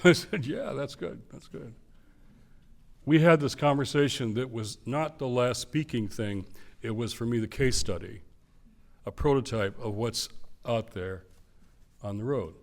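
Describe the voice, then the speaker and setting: An older man with a mid-pitched voice gives a lecture to a small audience. He tells his stories with animation, rising loud on key phrases and dropping low on asides, and acts out the people he quotes. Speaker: speaker giving a lecture. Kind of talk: public lecture with storytelling.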